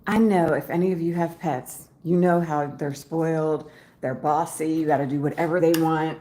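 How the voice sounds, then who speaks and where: A chatty woman with a slightly low voice talks casually to her camera at home in the morning. She rambles from thought to thought, laughs easily and talks to her cat, with a faint hiss of noise behind her. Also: fairly even intonation, moderate pace. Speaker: travel vlogger.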